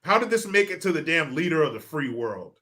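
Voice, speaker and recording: A man's voice: fairly high pitch, very animated, fairly quick, bright, forceful tone. A man hosting a casual political talk show, exasperated and mocking, swearing freely as he reacts. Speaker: show host. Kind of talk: profane casual political commentary.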